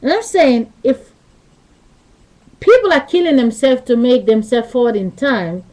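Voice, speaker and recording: A woman's voice: on the high side, sing-song, a little slow, a little mellow, poor audio. A woman telling a rambling story into her webcam in loose, non-native English grammar. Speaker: vlogger. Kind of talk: casual storytelling monologue. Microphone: webcam mic.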